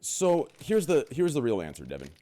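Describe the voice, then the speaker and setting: A man's voice: medium pitch, moderate pace. A young man hosting a casual group podcast, brash and swearing, telling stories. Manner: brash, swearing, animated storytelling. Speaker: podcast host.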